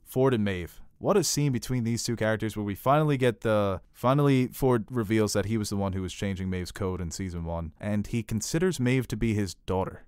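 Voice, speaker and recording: A man hosting a casual podcast discussion about a TV episode, animated and given to acting out quotes. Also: fairly low pitch, a little fast, hardly any pauses, smooth, no echo, clean studio sound. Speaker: podcast host.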